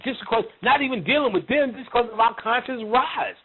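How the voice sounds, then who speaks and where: High-voiced man ranting over a tinny line. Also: expressive, brisk, hardly any pauses, husky. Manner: blunt, mocking, heavy on profanity and street slang. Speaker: lecturer on occult and spiritual topics. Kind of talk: profane, ranting spiritual lecture. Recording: tinny phone-like line with faint noise.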